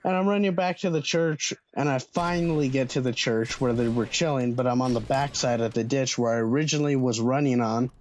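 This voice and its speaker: A man's voice: medium pitch, steady tone, brisk, hardly any pauses, darkish tone, a little hiss or hum. A young man telling a storytime vlog in a casual, slangy way, swearing freely. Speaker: vlogger.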